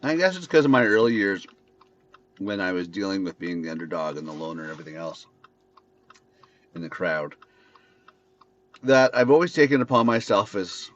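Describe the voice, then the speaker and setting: The male podcast host's voice sits low and sing-song, at a moderate pace broken by long pauses, as he rants bitterly and curses in an unscripted monologue from behind the wheel. The recording is lo-fi and dull, with faint noise.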